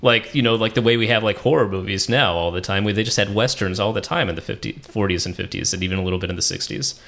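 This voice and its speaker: A man's voice: fairly low pitch, fast, creaky, fairly bright tone. A man co-hosting a casual film discussion, musing aloud and asking questions with dry jokes.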